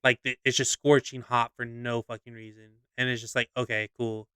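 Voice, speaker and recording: A young man chatting casually on a podcast, animated and quick to slip into voices when retelling a skit. His voice is bright and crisp. The recording is dry and close. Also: mid-range voice, no room sound. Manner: animated storyteller, acts out skits with voices. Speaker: podcast co-host. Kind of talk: casual chat.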